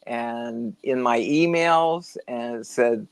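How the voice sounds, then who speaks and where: A man in a casual co-host chat with a middle-pitched, ordinary voice. He hesitates often, filling gaps with "uh" and repeating words as he looks for the thread. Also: slow pace, clean tone.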